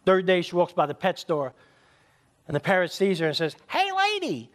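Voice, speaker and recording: Male pastor, high voice, emphatic sermon delivery with call-and-response. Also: steady tone, brisk. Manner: tells jokes as stories.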